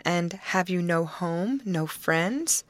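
Practical young heroine, gentle but firm, low-pitched, dry sound, read by a woman. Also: lively intonation, slow pace, no room sound. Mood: urgent. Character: brisk, sensible young woman leader.

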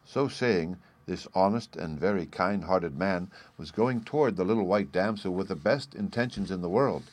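A man giving a measured storybook narration. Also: low voice. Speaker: reader.

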